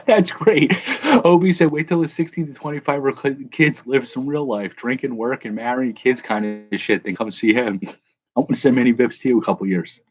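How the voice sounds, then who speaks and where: A man's voice: medium pitch, fairly even intonation, moderate pace, highs cut off. A man hosting a casual live chat, rambling and correcting himself as he answers viewers. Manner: rambling, self-correcting, chuckling. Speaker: livestream host.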